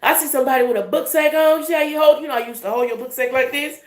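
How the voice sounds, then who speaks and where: A woman's voice: sits high, rapid-fire. A woman giving a casual, profane and emphatic tarot reading with laughing asides. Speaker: tarot reader. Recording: echoey room, faint noise.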